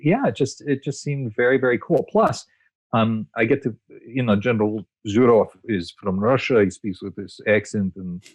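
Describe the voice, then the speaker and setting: A man's voice: mid-range voice, moderate pace, no room sound. A man being interviewed about his voice acting and screenwriting work, talking casually with plenty of fillers and restarts. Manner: relaxed storyteller, many fillers and restarts. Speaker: guest, voice actor and screenwriter.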